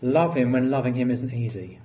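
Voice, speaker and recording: A man's voice: lively intonation, fairly quick. Earnest male preacher, slightly muffled. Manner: earnest, builds to emphatic lifts and drops to quiet low phrases. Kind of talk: sermon.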